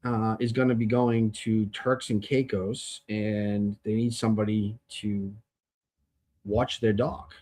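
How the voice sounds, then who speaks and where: A man's voice: on the low side, little pitch movement, slow, a little mellow. A man quoting his girlfriend in a near-normal voice as she explains a plan matter-of-factly. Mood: explaining. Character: mildly irritated adult woman, the speaker's girlfriend.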